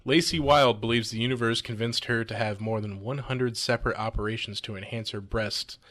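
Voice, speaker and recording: A man's voice: mid-range voice, steady tone, fairly quick, a bit bright. Dry-humored man reading out odd news. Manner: dry, reads news items aloud with wry comments. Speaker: podcast co-host reading news. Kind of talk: casual podcast chat.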